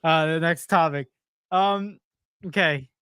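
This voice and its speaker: A young man co-hosting a casual sports podcast, excitable and quick to laugh, swearing lightly. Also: on the high side, smooth, no room sound, studio quality. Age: young adult. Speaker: podcast co-host. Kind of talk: casual chat. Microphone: home streaming setup.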